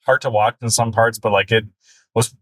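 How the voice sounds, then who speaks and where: A man's voice: on the low side, steady tone, normal speed, slightly rough, no room sound. A man co-hosting a film podcast, talking loosely about a movie with lots of fillers and easy laughs. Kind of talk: casual film review chat.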